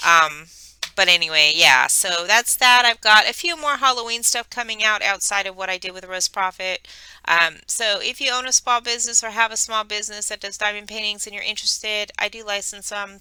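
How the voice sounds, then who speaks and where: A middle-aged woman chatting casually at home as a crafting vlogger, rambling and filling pauses with ums. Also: mid-range voice, sharp tone, clear, resonant tone, no echo, low-quality recording. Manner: chatty and rambling, many fillers. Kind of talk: casual chat.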